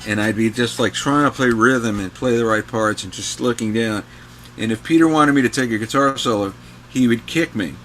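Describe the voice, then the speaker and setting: A man's voice: mid-range voice, normal speed, fairly bright tone, slight background noise. Rambling older man telling guitar stories. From New York, USA. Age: 60s. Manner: rambling, full of fillers and restarts. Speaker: guest guitarist. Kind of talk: casual anecdotal storytelling.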